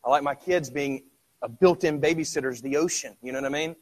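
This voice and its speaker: Man preaching with sweeping loudness swings. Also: a little high, a little fast. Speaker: pastor. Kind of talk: sermon.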